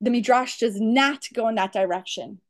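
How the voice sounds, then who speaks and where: High-voiced woman giving an animated lecture. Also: normal speed. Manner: emphatic, with rhetorical questions; animated storytelling. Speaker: teacher. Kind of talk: lecture on a religious text.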